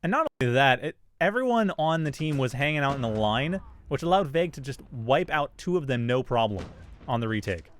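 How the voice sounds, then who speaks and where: A man calling a mobile shooter esports match live, with quick play-by-play and casual banter. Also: medium pitch, sing-song, slight background noise. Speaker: esports caster.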